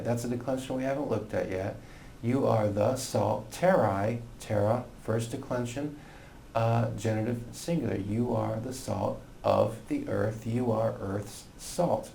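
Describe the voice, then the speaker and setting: A man's voice: medium pitch, gravelly, warm tone, reverberant, slight background noise. A man teaching a recorded Latin lesson, explaining grammar patiently and step by step with frequent fillers.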